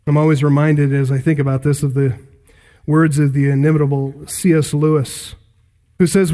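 A man preaching an expository sermon, emphatic, rising loud and high on key points. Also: fairly even intonation, moderate pace. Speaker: pastor.

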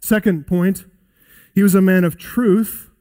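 A man preaching a sermon in an earnest, emphatic way, slowing down to stress key lines and quoting scripture aloud. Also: high-pitched, fairly even intonation, mellow.

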